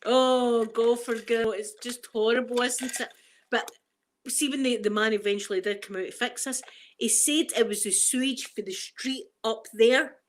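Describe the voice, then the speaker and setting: Scottish woman on a live stream, bit high voice, chatty and laughing, talks to the chat. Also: steady tone, normal speed, a little hiss or hum. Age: middle-aged. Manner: chatty, laughs often, reads chat aloud. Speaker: ASMR streamer.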